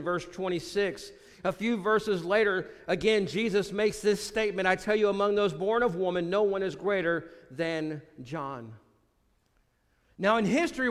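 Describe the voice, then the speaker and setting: A man preaching a sermon as pastor, often dropping low and quiet to stress a point. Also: big-room sound.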